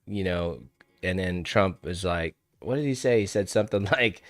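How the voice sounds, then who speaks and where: Laid-back young man, low voice. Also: expressive, measured pace, dry recording, clean studio sound. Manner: laid-back and slangy, laughs often, calls viewers dude and homie. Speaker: trading livestream host. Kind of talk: casual livestream chat.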